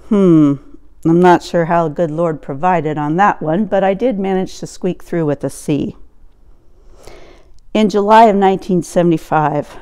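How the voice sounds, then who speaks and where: A woman's voice: on the low side, mellow, clear, resonant tone. A woman pastor in her sixties, sharing an earnest personal reflection as a sermon. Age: 60s. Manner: slow, earnest storytelling.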